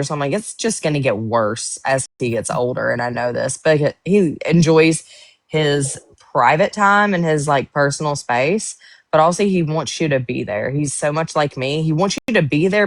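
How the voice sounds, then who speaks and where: A woman in her thirties chatting casually on a livestream, telling lively stories about her young son and laughing as she goes. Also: low-pitched, a little fast, dry recording. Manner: animated storytelling, laughing while telling. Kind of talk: casual chat.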